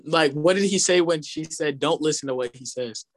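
A man's voice: fairly high pitch, normal speed. A man hosting a podcast, putting in short questions and replies during casual chat. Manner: brief questions and backchannel replies.

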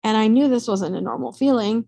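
Woman telling a wild story to camera, swears a lot, animated, dead dry sound. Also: on the high side, a little fast, gravelly, no room sound. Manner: candid, animated, swears freely.

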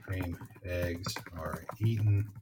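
A man's voice: low-pitched, fairly even intonation, takes it slowly, warm tone, distant mic, slight background noise. A man hosting a podcast, chatting casually and rambling, swearing often and laughing. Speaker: podcast host. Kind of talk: casual chat.

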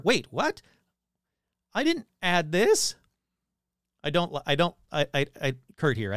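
A man's voice: a little high, fairly bright tone, clear, resonant tone, no room sound, studio quality. A man hosting casual comedic commentary, rambling, exclaiming and cutting himself off. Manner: rambling, exclamatory, self-interrupting. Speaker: host.

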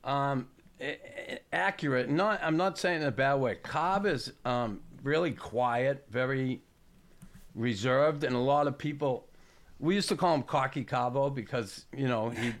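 A man in his sixties, a retired hockey player hosting a chat show, telling stories in a halting, plainspoken way. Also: mid-range voice. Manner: halting, restarts, plainspoken storytelling. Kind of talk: casual podcast chat.

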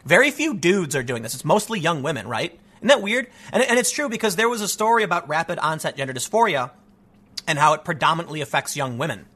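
A man's voice: fairly high pitch, lively intonation, fast, pushed and bright. A man hosting an opinionated news commentary show, reading stories aloud and mocking them with sarcastic, rambling asides.

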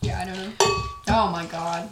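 A woman's voice: fairly low pitch, steady tone, normal speed. A woman co-hosting a casual podcast, reading fan fiction aloud with giggles and retakes, sitting farther from the mic than her co-host. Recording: echoey room, off-mic, background noise.

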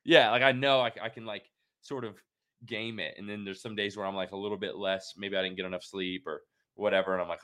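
Deep-voiced young man hosting a chat. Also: steady tone, fast, bright, forceful tone, smooth, no echo, studio quality. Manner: chatty, laughs often, many fillers. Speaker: podcast host. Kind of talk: casual interview chat.

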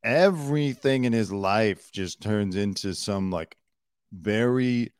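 A man's voice: lowish voice, slow, smooth, dry recording. A man hosting a casual celebrity news show, talking bluntly and sarcastically and swearing now and then.

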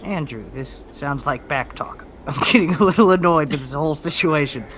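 A man's voice: on the high side, moderate pace, a bit bright, slight background noise. A man playing a tabletop role-playing game, talking brashly and swaggering in character. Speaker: player.

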